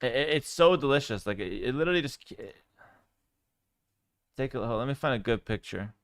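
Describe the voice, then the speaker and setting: Male streamer, casual chat, smooth clear voice, dry close sound. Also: medium pitch, brisk, dry recording. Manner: relaxed and chatty, with frequent fillers.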